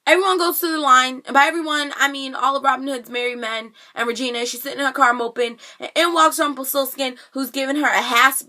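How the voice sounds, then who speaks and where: A young woman vlogger chats through a TV episode recap, sassy and animated, full of slang. Her voice sits fairly high, with a bright, forward tone. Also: fast, few pauses. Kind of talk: casual chat.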